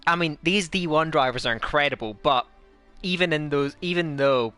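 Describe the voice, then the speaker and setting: A man with a put-on Scottish accent hosts the race broadcast, chatty and energetic, stumbling through restarts and fillers. His voice is bright and crisp, pitched a little high for a man. Faint music sits underneath. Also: normal speed. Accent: fake Scottish. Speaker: sim racing commentator. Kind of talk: esports race commentary.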